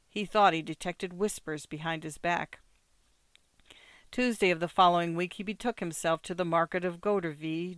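A narrator reading short stories aloud in a measured, steady way. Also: medium pitch, clear, resonant tone, no echo.

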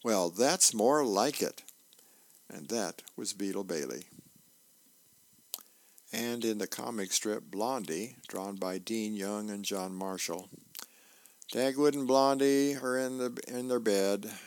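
Gravelly volunteer newspaper reader, man. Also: lowish voice, darkish tone. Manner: plain, unhurried reading with small slips. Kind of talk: reading the newspaper aloud.

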